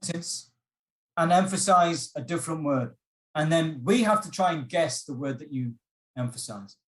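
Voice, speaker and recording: A man's voice: on the high side, moderate pace, echoey room. A man teaching an online workshop, encouraging, repeating his instructions with frequent ums.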